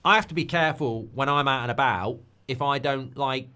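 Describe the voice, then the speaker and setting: A man's voice: medium pitch, a little fast, sharp tone, clear, resonant tone. Guy hosting a footy watchalong stream, chatty and jokey, reads out chat comments, normal mid voice. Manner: chatty and jokey, reading viewer comments aloud. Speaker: football watchalong host. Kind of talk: casual live-stream chat.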